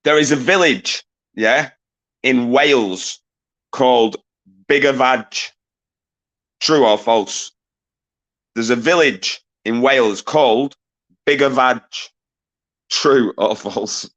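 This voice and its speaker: A man hosting a live-stream quiz in casual chat. He swears often, jokes and shouts greetings to viewers. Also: mid-range voice, slow, long pauses. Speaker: livestream quiz host.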